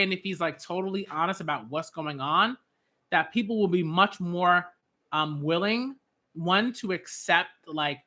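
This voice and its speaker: A man hosting a live manga reaction, talking in an excitable, gushing way with lots of fillers. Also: high-pitched, normal speed.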